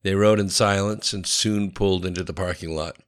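A man narrating a story in a steady, matter-of-fact reading voice. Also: sits low, fairly quick, clear, resonant tone.

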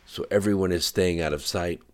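A man with a very deep voice voicing a calm, careful husband sitting at his wife's hospital bed. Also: a little fast, close to an everyday voice. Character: gentle worried husband, guarded with bad news.

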